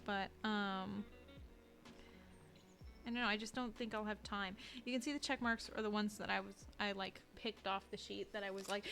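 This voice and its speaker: A woman streaming as she draws, talking in a loose, rambling way full of fillers and restarts. Her voice has a gravelly edge and sits at an average pitch. She slips into quiet mutters as she works. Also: fairly even intonation, moderate pace, faint music behind. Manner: rambling, self-deprecating, frequent fillers and restarts. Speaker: streamer and artist. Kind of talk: casual live-stream chat while drawing.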